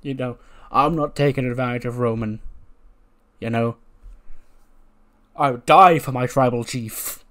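A man's voice: mid-range voice, measured pace, long pauses, a bit bright, natural voice. A man doing a blunt, defensive young wrestler. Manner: blunt, swears. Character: defensive young male wrestler, loyal and brusque.

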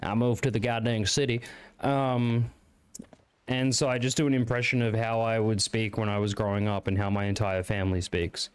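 A man's voice: on the low side, little pitch movement, moderate pace, smooth, no echo. A young Australian man from rural Victoria, chatting casually to his stream audience in a loose, rambling way with plenty of swearing. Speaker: game streamer. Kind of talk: casual chat.

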